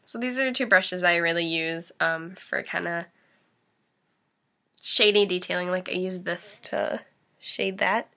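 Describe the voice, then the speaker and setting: A fairly low, bright, forceful female voice, a little slow, comes from a young makeup vlogger. Face painted and sniffling through occasional sneezes, she rambles and giggles through a casual tutorial, sprinkling in lots of "likes" and "ums."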